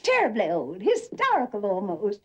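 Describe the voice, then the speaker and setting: A woman's voice: medium pitch, wildly swooping pitch, normal speed, a little mellow, slightly rough, dull audio. An actress playing a fussy middle-aged mother with a Southern accent, gushing and chattering in a 1950s film. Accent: American Southern. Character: faded, fussy Southern mother fussing over guests.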